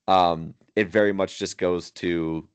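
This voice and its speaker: A man's voice: deep voice, fairly even intonation, a little slow, clear, resonant tone. A man co-hosting a podcast in casual chat, laughing often as he retells funny moments and rambling through his points. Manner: rambling, many fillers and restarts. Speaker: podcast co-host.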